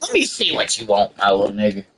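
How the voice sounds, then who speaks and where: A man's voice: lowish voice, wildly swooping pitch, quick pace, a bit bright, slight background noise, rough recording. A man streaming a video game and chatting casually, joking and swearing a lot and laughing often. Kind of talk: casual gameplay commentary.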